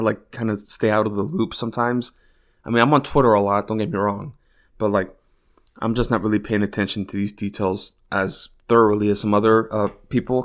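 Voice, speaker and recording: A man hosting a podcast who reads news quotes aloud and reacts with exasperated, profane commentary, full of "like" and "you know". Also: lowish voice. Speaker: podcast host. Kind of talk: casual political commentary.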